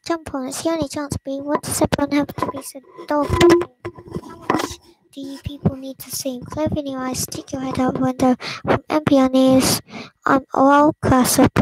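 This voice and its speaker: A woman's voice: high-pitched, a little mellow, low-quality recording. A woman host casually reading a film script aloud, stumbling and restarting, sometimes dropping to a whisper. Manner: stumbling read-through with restarts and whispered asides. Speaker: channel host.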